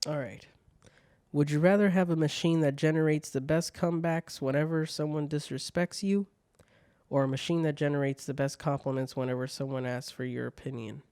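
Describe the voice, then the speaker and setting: A man's voice: on the high side, steady tone, a little fast, darkish tone, clear, resonant tone, no echo, studio quality. A young man hosting a solo podcast, telling stories in a casual, profane way. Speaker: podcast host.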